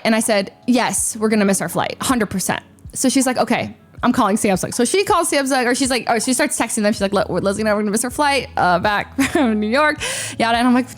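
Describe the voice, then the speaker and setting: A young woman, a streamer, telling a story in a lively, casual way with lots of fillers and sound effects. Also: a little high, brisk, faint music behind.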